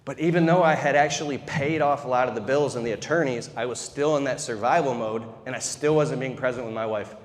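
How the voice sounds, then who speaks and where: A man's voice: medium pitch, fairly quick, hardly any pauses. Candid male keynote speaker in echoey hall. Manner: candid, profane, conversational. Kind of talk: keynote speech told as a personal story. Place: large convention hall. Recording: reverberant convention hall.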